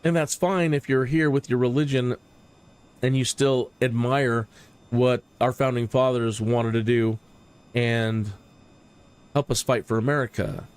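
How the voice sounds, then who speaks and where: A flight sim streamer hosts a casual livestream, his medium-pitched voice steady, clean and unhurried. He rambles and offers opinions freely, often repeating words.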